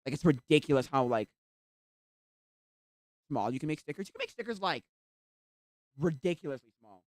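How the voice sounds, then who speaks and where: A live streamer chatting casually while browsing at the computer, rambling and filling every pause with "like". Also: medium pitch, animated, no echo, studio quality. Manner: rambling, heavy use of "like".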